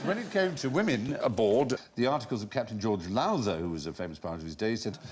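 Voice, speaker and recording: Husky-voiced British quiz host, articulate. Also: male voice, fairly low pitch, lively intonation, fast, few pauses, a little mellow. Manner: articulate, explains facts at length with wry asides. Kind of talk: TV panel show hosting. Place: TV studio with live audience.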